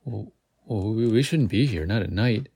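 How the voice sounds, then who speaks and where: A man's voice: lowish voice, very animated, brisk, creaky, a little mellow, slightly rough, no room sound, full character voice. A man voicing a nervous young boy in a gamebook reading, with a jumpy, blurting manner. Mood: scared.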